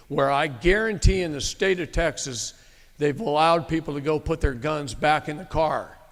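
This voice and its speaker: A middle-aged man with a slightly high voice tells a story to a live audience in a meeting room, and the sound is roomy. His delivery is blunt, folksy and emphatic, with the occasional curse word.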